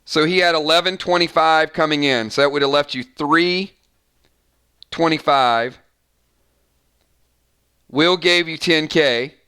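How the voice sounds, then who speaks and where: Bright-voiced male game master, chatty. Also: fairly high pitch, a little slow, long pauses, clear, resonant tone. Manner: chatty, tallies numbers aloud. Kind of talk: casual live-stream chat running a role-playing game.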